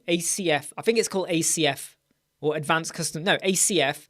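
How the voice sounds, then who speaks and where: A man's voice: fairly high pitch, normal speed, sharp tone. Tired British man hosting a rambling live Q&A. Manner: rambling, self-correcting, asks "right?" often. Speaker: livestream host. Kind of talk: live Q&A stream.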